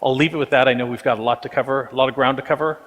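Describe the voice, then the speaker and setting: A man giving remarks as a government official on a forum panel, brisk, with frequent fillers. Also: medium pitch, steady tone, fairly bright tone. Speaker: government agency speaker. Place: large conference hall. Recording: reverberant hall sound.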